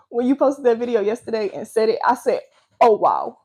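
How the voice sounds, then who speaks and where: A woman's voice: on the high side, sing-song, normal speed, darkish tone, a little hiss or hum. A woman hosting an interview, upbeat and bubbly, laughing often. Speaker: host. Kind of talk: casual interview chat.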